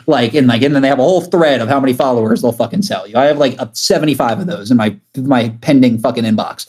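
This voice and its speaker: A man's voice: medium pitch, fast, few pauses, a little mellow. A man, a guest music producer and artist, chatting casually on a podcast, rambling through stories with lots of filler words and plenty of swearing.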